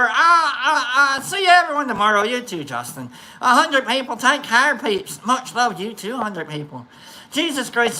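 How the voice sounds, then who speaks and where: Here the host's mid-range voice sounds bright and forceful, captured in a rough recording. The chat is loose and playful as viewers get greeted by name and their comments read aloud. Fillers and restarts crop up constantly in the rambling talk.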